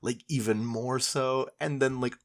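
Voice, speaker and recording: A man's voice: mid-range voice, steady tone, unhurried. A young man co-hosting a casual fan podcast, laid-back, swearing and saying "like" a lot. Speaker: podcast co-host.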